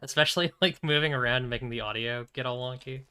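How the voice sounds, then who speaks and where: A man giving relaxed, rambling commentary over a game stream. His voice is bright and clear at a middling pitch. He keeps his volume modest and often clears his throat between thoughts. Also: fast talker. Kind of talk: casual let's-play commentary.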